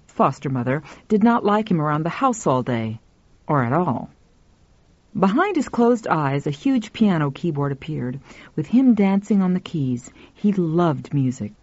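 A woman narrating a story in an expressive, scripted reading. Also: low voice, dry recording. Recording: dull lo-fi, dry.

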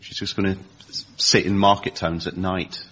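Panel guy, lowish voice, umming through a joke story, lo-fi. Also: flat delivery, moderate pace, heavy background noise. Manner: hesitant, offhand comic delivery, many ums. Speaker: comedy panelist. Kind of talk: improvised comic chat. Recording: lo-fi broadcast audio.

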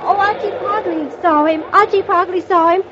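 A woman's voice: very high-pitched, normal speed, highs cut off. A woman playing a fussy, motherly knitting woman in a 1940s radio play, fretting and exclaiming over a runaway elf. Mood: worried. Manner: fretful, fussing and exclaiming. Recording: scratchy old radio transcription.

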